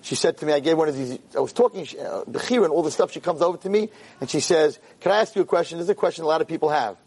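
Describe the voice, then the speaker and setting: A man delivers an inspirational Torah talk in a high, husky voice. His pitch leaps and dips constantly. He acts out the people in his stories. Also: racing. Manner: animated storyteller who acts out voices. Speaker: Torah lecturer.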